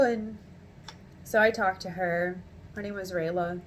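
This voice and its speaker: A woman in her thirties telling a story to camera in a chatty, animated way from her home office, laughing often. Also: mid-range voice, measured pace, a little hiss or hum. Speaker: vlogger.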